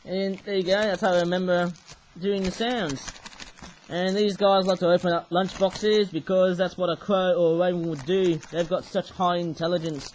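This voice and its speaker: Man with a high voice, rambling toy vlog, keeps saying "eh?", faint room hum. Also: fairly even intonation, normal speed, a little mellow, rough recording. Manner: rambling, often tags sentences with "eh?". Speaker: toy reviewer. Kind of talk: casual show-and-tell vlog.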